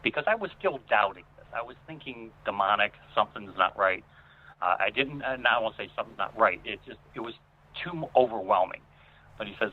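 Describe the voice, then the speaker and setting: A man telling a personal story as a guest, earnest and emotional, with many pauses. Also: on the low side, lively intonation, breathy edge. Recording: phone-like line.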